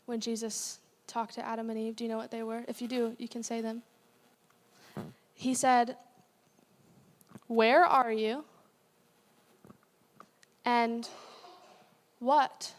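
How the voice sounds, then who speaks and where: A young woman with a slightly high voice gives a sermon in a church, talking plainly and candidly and breaking off into asides. Her voice rings out in a long, hall-like reverb. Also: fairly even intonation, moderate pace. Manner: candid, conversational preaching with asides and self-corrections. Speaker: guest speaker. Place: church sanctuary.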